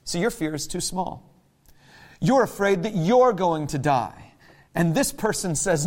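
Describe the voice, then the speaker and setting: Animated high-voiced male preacher. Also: measured pace. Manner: animated, dramatizing quotes with sudden pitch jumps; conversational and emphatic. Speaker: pastor. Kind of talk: sermon.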